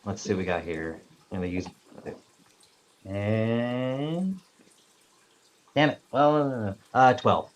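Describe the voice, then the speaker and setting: A man's voice: mid-range voice, takes it slowly, pauses often. A man playing a tabletop game, talking casually and hesitantly. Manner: relaxed, hesitant, many fillers. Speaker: player.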